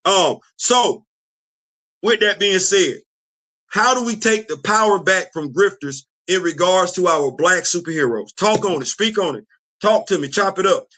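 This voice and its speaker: A middle-aged man hosting a casual livestream chat, animated and laughing often as he answers his audience. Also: high voice, a little slow. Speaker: host.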